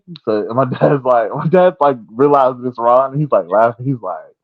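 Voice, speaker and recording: A man's voice: normal speed, hardly any pauses, dry recording. A man in a casual podcast chat, telling a story with lots of energy and acting out the voices of the people in it, often laughing. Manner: animated storyteller, acts out quotes in a high voice, laughs often. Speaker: wrestler guest. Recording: dry, phone-like audio.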